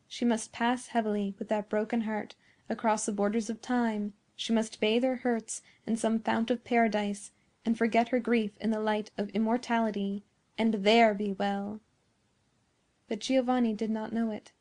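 A woman narrating a classic story as an audiobook, in a measured, expressive way. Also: mid-range voice. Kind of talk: scripted narration of classic fiction.

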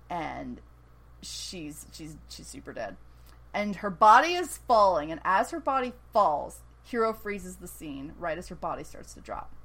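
Animated woman recapping a show. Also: lowish voice, low-quality recording. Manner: animated storytelling, laughs often, acts out quotes. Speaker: podcast co-host recapping a TV episode. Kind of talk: casual chat.

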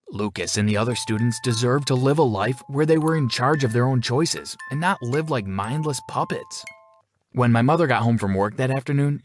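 A man reading a first-person story aloud in a steady, even narration. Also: mid-range voice.

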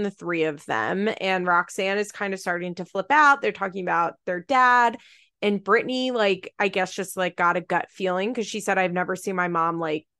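A woman's voice: medium pitch, bright, forceful tone, dry recording, studio quality. A woman co-hosting a casual chat, animatedly recapping a show with profanity and acted-out quotes. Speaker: podcast co-host.

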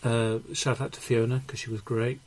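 A man's voice: medium pitch, little pitch movement, normal speed, a little mellow. A man co-hosting a podcast in loose casual chat. He hesitates a lot and fills the gaps with ums. Now and then he slips in a dry quip. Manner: hesitant, many fillers, dry quips. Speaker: podcast co-host.

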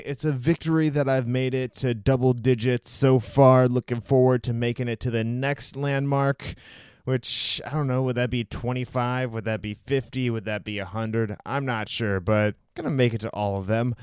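A man's voice: medium pitch, a little mellow, clean tone, dry recording. A man hosting a podcast, talking in an upbeat, chatty and jokey way on a close microphone. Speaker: podcast host. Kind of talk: casual podcast interview.

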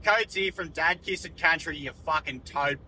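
A man's voice: on the high side, normal speed, pushed and bright, a little hiss or hum, rough recording. A man with an Australian accent sending in a voice message, telling a long crude joke in a laddish, sweary way.

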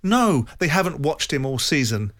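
A man arguing as a radio pundit, forceful, firing rhetorical questions. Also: on the high side, big pitch swings, normal speed. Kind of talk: opinionated debate.

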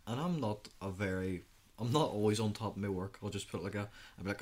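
A man's voice: fairly low pitch, fast, husky. A thirteen-year-old boy, co-hosting a youth podcast in casual chat and acting out his own reactions as he tells stories. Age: 13, teenager. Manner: chatty storyteller, acts out his own reactions.

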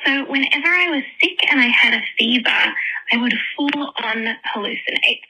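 A woman's voice: high voice, moderate pace, bright, forceful tone, husky, poor audio. A woman from Australia, leaving a rambling, giggly, apologetic voicemail for a show. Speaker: caller. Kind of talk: voicemail message.

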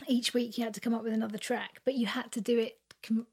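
Woman, casual chat, pitched a touch high, halting delivery. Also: flat delivery, slightly rough. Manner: hesitant, lots of fillers and restarts. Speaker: songwriter.

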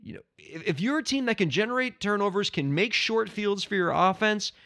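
A man hosting a podcast, talking casually and excitably, bursting into shouts and ending up out of breath. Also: sits high, brisk. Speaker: podcast host. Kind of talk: casual solo podcast talk.

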